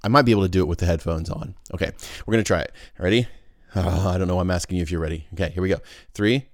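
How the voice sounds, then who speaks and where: A man's voice: deep voice, rapid-fire, no room sound, studio quality. A man hosting his own podcast, talking in a goofy, rambling casual monologue full of restarts. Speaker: podcast host.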